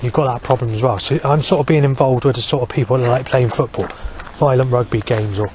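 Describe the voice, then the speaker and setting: A man's voice: medium pitch, fairly even intonation, fast talker, a little mellow, slight background noise. A man talking in a long, rambling vlog monologue, swearing heavily and restarting sentences, with many fillers.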